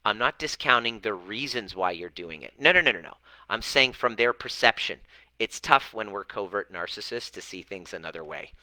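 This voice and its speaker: A man's voice: lowish voice, moderate pace, pushed and bright, no echo, low-quality recording. A man talking as a relationship coach, blunt and swearing freely, acting out his clients' words as he tells their stories. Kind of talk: motivational talk to camera.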